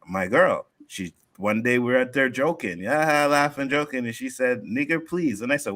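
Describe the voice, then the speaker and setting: A middle-aged man telling stories on a panel discussion show, lively and profane. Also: medium pitch, moderate pace, few pauses, a little hiss or hum.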